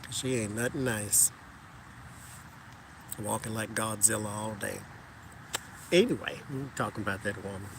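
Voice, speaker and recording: A man casually chatting with his viewers while walking outside, animated and joking, talking to them as "y'all". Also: on the low side, a little slow, pauses often, background noise. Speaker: tarot reader chatting with live viewers.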